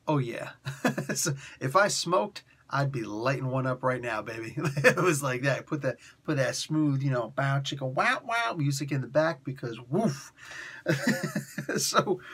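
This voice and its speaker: Male host, solo review monologue, husky tone, gushing and giggly, loose rambling delivery. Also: medium pitch, a bit bright. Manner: enthusiastic, laughs often, rambling with fillers. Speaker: comic book reviewer, host.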